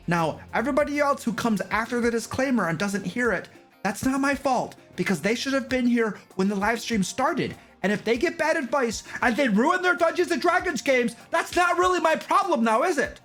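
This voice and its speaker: Goofy, fretful barbarian, played by a man, stammers and rambles as a comic stream host over soft music. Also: extremely high pitch. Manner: stammering, repeats words, fretful. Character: goofy, rambling male barbarian, defensive and self-pitying. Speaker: stream host in a character persona. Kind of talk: comedic live-stream chat in character.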